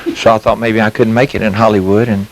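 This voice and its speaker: Interviewed at a mobile home sales lot, a fiftysomething man from Mississippi spins folksy anecdotes and chuckles, though he seems a bit weary. He talks fast in a lowish voice with little pitch movement and a Southern accent. The rough recording carries a slight hiss or hum.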